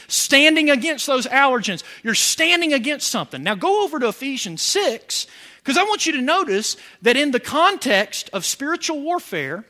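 High-pitched, bright-voiced preacher man. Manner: preaching with rising emphasis and call-and-response questions. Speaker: pastor. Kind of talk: sermon.

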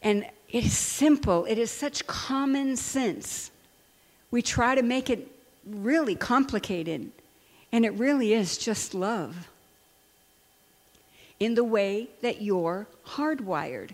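An older woman sharing personal stories in a sermon, animated and quick to laugh. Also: a little high, big-room sound. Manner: animated storytelling, laughs often. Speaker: Christian speaker and counselor.

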